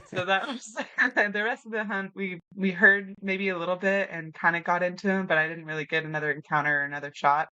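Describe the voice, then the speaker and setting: A young woman guest telling lively stories in a casual interview, acting out quotes and laughing often. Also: lowish voice, brisk, few pauses, smooth, no room sound, highs cut off. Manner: animated storyteller, acts out quotes, laughs often. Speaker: podcast guest, new hunter.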